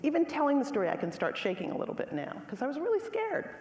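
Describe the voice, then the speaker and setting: A woman's voice: high voice, quick pace. Woman lecturing in an echoey hall. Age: middle-aged. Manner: animated storytelling, emphatic, addresses audience directly. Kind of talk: public lecture with personal story. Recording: echoey hall with faint ambience.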